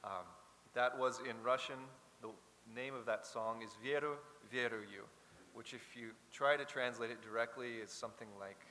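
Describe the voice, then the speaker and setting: A man's voice: medium pitch, normal speed, sharp tone. A man leading a choir, giving an earnest, reflective spoken introduction in a chapel. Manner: earnest, reflective, with small restarts. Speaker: choir leader. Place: large chapel. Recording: hall reverb with faint hiss.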